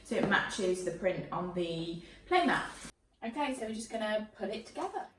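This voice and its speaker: A pregnant young woman gushing excitedly through an unboxing vlog in her living room, a little out of breath. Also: mid-range voice, moderate pace, recorded from a distance, over loud music. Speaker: parenting vlogger. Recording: echoey room, camera mic away from her.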